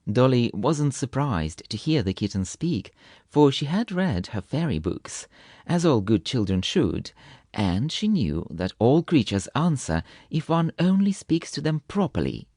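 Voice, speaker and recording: A man narrating a children's storybook in an expressive, gently playful reading. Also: medium pitch, unhurried, no room sound, studio quality. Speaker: audiobook narrator.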